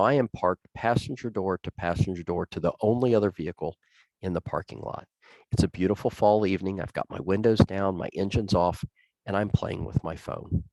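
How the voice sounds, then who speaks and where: Deep-voiced, folksy man speaking plainly. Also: warm tone, dry recording, low-quality recording. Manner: folksy, plain-spoken storytelling with emphatic repetition. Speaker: public safety speaker. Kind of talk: conversational presentation.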